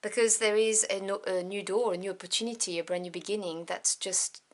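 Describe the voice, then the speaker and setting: A woman giving a tarot reading to camera, gentle and meandering, with many pauses and apologies. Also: mid-range voice, steady tone. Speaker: tarot reader.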